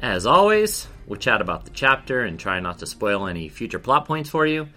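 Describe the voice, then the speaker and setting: A man's voice: mid-range voice, sing-song, moderate pace, pushed and bright, soft background music. A man from the United States co-hosting a podcast, easygoing, answering briefly and laughing readily. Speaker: podcast co-host. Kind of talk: casual chat.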